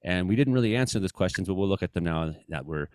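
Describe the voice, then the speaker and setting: A man with an Ottawa Valley accent hosting a live-streamed comedy weather show, joking and swinging between loud lines and mumbled asides. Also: deep voice, lively intonation, fast, clean tone, no echo.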